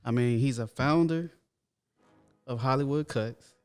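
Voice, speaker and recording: A man's voice: mid-range voice, measured pace, darkish tone, clean tone, faint music behind. A man co-hosting a podcast, talking in a laid-back, slangy way. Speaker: podcast co-host. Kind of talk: casual podcast chat.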